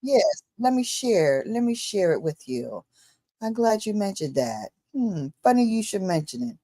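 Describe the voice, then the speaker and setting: A woman in a casual discussion, telling a story in an animated way and acting out the dialogue. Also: mid-range voice, unhurried, dry recording, clean studio sound.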